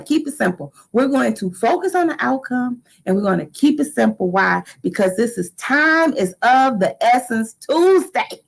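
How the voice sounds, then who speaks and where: A middle-aged woman hosting a live motivational talk, lively and animated, acting out excited quotes. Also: on the high side, normal speed, gravelly, few pauses, breathy edge, low-quality recording. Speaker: motivational live-stream host.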